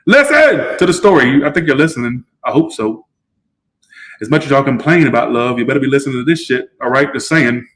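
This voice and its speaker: A man's voice: mid-range voice, steady tone, quick pace, fairly bright tone, low-quality recording. A man giving a casual live-stream tarot reading, chatty and emotional, swearing freely. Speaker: tarot reader.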